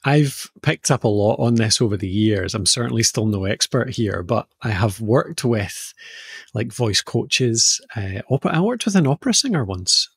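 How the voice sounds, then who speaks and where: Man, Scottish accent, husky tone, relaxed explaining, dry studio sound. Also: mid-range voice, normal speed, no echo. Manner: easygoing and explanatory, with playful vowel demonstrations. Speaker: podcast co-host explaining voice skills. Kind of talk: casual podcast chat.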